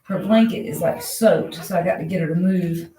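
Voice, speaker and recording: A woman's voice: fairly low pitch, normal speed, slight background noise. Tired woman coaxing her dog, echoey room. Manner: soft, coaxing talk to the dog. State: tired from being up all night. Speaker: pet rescuer filming her dog giving birth. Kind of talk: casual running commentary while tending a dog. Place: room at home with whelping dog. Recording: roomy, distant home recording.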